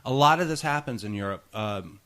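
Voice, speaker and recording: A man's voice: medium pitch, animated, a little fast, sharp tone. A man co-hosting a podcast in casual chat, rambling through film trivia with many restarts. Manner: chatty, rambling, tosses in goofy impressions. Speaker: podcast co-host.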